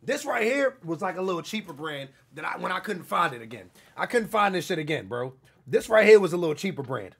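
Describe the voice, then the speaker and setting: A young man from New York, streaming live and loudly calling out donors in heavy street slang. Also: high-pitched, sing-song, brisk, gravelly, slightly rough. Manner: loud, hyped shout-outs to donors in heavy street slang. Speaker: livestreamer. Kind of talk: casual livestream chat reading out donations.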